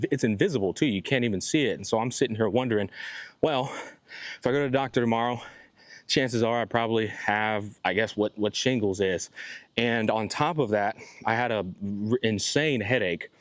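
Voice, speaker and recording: Man, low voice, sick, out of breath, rambling casual vlog, walking outdoors, phone mic, dry sound. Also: moderate pace, no room sound. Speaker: gacha YouTuber. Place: outdoors on a walk.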